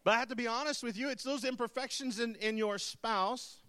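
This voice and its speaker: A man's voice: extremely high pitch, brisk, sharp tone. A man preaching a sermon to a live congregation, teasing the audience with jokes between his points. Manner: playful, joking asides to the audience. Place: church hall with an audience.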